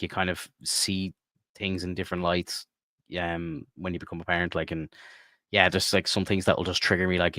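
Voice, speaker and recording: A man's voice: low-pitched, bright, forceful tone, no echo, studio quality. A man co-hosting a podcast, talking casually and rambling earnestly with many fillers. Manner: rambling, heartfelt, lots of fillers. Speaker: podcast co-host. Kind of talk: casual chat.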